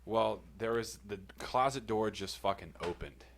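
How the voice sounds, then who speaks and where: Very deep-voiced man swearing through a story. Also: unhurried, vocal fry, a little hiss or hum. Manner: profane, rambling, laughs between lines. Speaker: podcast co-host telling a personal story. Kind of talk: casual storytelling.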